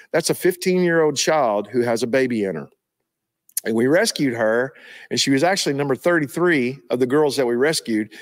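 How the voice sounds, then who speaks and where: A man's voice: medium pitch, dry recording. Emphatic preacherly man. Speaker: pastor and ministry leader. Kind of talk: live Q&A preaching.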